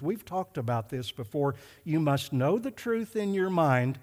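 Middle-aged pastor preaching, tells a story, leans hard on key words, slightly high voice, echoey hall. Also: male voice, animated. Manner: storytelling preacher, emphatic, slows down for stress. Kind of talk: sermon. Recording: hall reverb.

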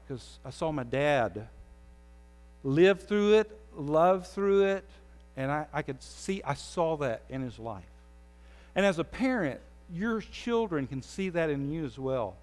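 A man's voice: a little high, a little mellow, long reverb tail. A man preaching a conversational sermon as the pastor. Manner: conversational preaching, pleading with the audience.

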